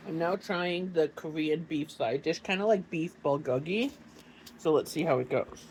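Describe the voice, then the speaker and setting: A vlogger chatting casually on camera at home in a kitchen, excitable and full of fillers, sometimes eating while talking. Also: medium pitch, moderate pace, muffled recording, a little hiss or hum. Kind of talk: casual chat and on-camera food tasting.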